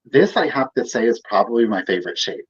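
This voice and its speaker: A co-host of a live online vintage sale, counting down bids slowly and thanking buyers by name. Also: mid-range voice, lively intonation, slightly rough. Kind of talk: live online sales chat. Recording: dull lo-fi sound.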